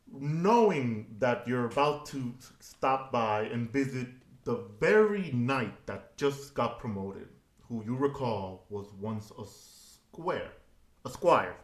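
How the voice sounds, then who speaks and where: A man narrating a tabletop game as game master, in an unhurried way with fillers. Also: medium pitch, lively intonation, reverberant.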